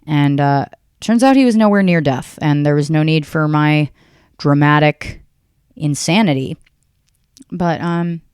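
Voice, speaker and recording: Low-voiced woman, deadpan rambling rant. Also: clean tone, no echo, clean studio sound. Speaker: podcast host. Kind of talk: solo comedic rant.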